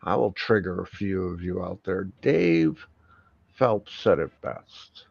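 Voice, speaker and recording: A man hosting a live stream, delivering an angry, profane rant full of loud outbursts. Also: low voice, very animated, slow pace, gravelly, no echo, dull audio. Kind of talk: profane ranting monologue.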